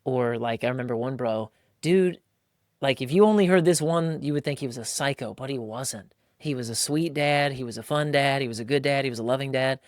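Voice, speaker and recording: A man's voice: mid-range voice, a little fast, no room sound, studio quality. A man in his thirties hosting a casual podcast chat, telling stories with lots of acted-out quotes and casual slang. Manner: animated storytelling, acting out quotes, frequent "like" and "bro". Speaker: podcast host.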